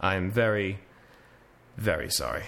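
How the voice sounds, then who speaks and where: A man's voice: deep voice, animated, normal speed, creaky, pushed and bright. A man hosting a casual news podcast, reading articles aloud with wry asides and frequent restarts. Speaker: podcast host.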